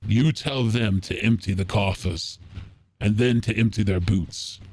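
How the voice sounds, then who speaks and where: A man, the dungeon master, playing a cautious, secretive spy master who speaks in measured, weary tones. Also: lowish voice, a little mellow, no room sound. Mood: grave. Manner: measured, grave, weary sighs. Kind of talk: tabletop role-play voice acting.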